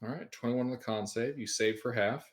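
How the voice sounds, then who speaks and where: A man's voice: mid-range voice, brisk. A man running a tabletop game as game master, in an easygoing way.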